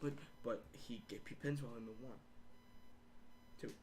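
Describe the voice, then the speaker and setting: A man's voice: mid-range voice, unhurried, slight background noise. A young man casually joking, acting out wrestling matches and chanting, recorded in his bedroom. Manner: excitable, swearing, acts out wrestling with loud chanting. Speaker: host.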